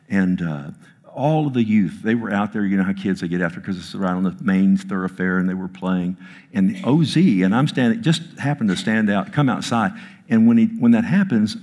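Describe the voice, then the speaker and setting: A male pastor tells a personal story in a sermon, earnest and emphatic, often halting and restarting. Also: on the low side, darkish tone. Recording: long reverb of a large hall.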